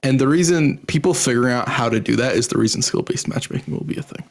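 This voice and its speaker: A gravelly, mid-pitched male voice on a casual podcast. He lays out his points thoughtfully and at length, with plenty of fillers along the way. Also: quick pace.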